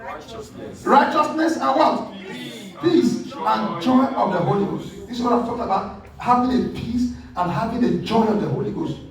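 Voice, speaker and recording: A man's voice: very high voice, normal speed, a crowd in the background. A male pastor preaching a sermon in an emphatic call-and-response style. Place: church hall. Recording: echoey hall, distant mic, faint music.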